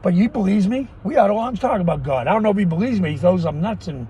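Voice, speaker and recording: A middle-aged man ranting in a profane, erratic monologue, often yelling and cursing. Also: high-pitched, lively intonation, fast, lo-fi sound, slight background noise. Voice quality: yelling, foul-mouthed, erratic. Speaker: vlogger.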